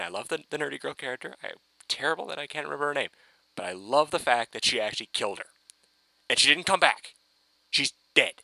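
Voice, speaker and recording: A man ranting excitedly in a casual fan review, rambling and swearing with many restarts. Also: mid-range voice, creaky, dry recording, poor audio.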